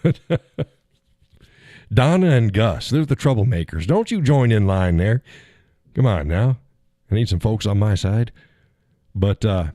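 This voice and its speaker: A man's voice: fairly low pitch, mellow, dry recording, studio quality. A man hosting a casual livestream, rambling and chuckling as he answers viewers in the chat. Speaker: live stream host.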